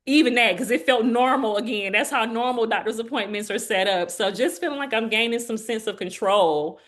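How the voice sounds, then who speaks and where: A woman in her forties appears as an interview guest, sharing a heartfelt personal testimony in an earnest way. Her voice is on the high side and a little fast, and she grows animated whenever she quotes other people.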